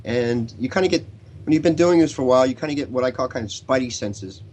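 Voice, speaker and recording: A man's voice: mid-range voice, expressive, quick pace, a little mellow, slight background noise, low-quality recording. A man being interviewed on a radio show who tells long, rambling stories about his field research. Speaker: paranormal researcher guest.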